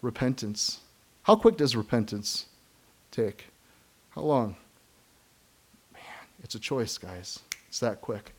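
A middle-aged man preaching a sermon, earnest and emphatic, breaking into short laughs and quick asides. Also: mid-range voice, darkish tone. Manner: acts out quoted voices of kids and believers. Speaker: pastor.

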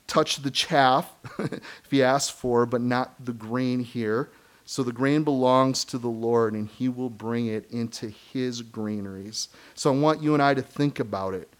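A middle-aged man preaching a sermon, earnest and emphatic, breaking into short laughs and quick asides. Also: mid-range voice. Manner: acts out quoted voices of kids and believers. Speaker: pastor.

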